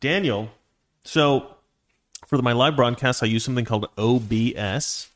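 A man's voice: mid-range voice, moderate pace. A man hosts a livestream from a home studio, reading out viewer messages and answering them. He talks into a desk microphone in an opinionated, rambling way, restarting his sentences often. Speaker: live stream host. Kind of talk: livestream commentary reading super chats.

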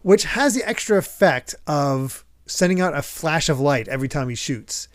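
A man hosting a casual chat podcast, recapping story events in an animated way and laughing often. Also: on the high side, moderate pace, no room sound, clean studio sound. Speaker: podcast host.

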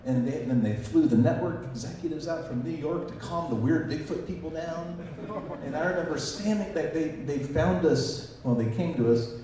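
At a conference hall, a man with a darkish, rather high voice tells stories to an audience at a fairly quick clip, animatedly acting out quoted voices. It's recorded from far off in an echoey hall, with slight background noise.

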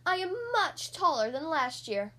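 A woman's voice: sits high, animated, unhurried, pushed and bright, heavily acted. A woman voicing a nervous young boy cat in a children's storybook reading, stammering when he gets scared. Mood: proud.

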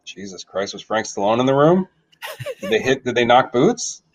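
A man's voice: medium pitch, sing-song, normal speed, low-quality recording. A man co-hosting a casual podcast, jokey and self-deprecating as he riffs on movies. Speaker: podcast co-host. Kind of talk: casual movie-riffing chat.

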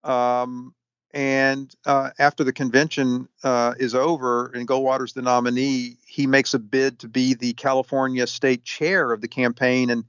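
A man answering interview questions at length, halting often with fillers and restarts. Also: medium pitch, little pitch movement, clear, resonant tone, no echo. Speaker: historian guest. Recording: dull, lo-fi sound.

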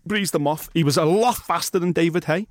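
Fast-talking, excitable man. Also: a little high, dry recording, studio quality. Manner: emphatic, excitable, swears freely. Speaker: boxing journalist and co-host. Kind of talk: casual podcast chat.

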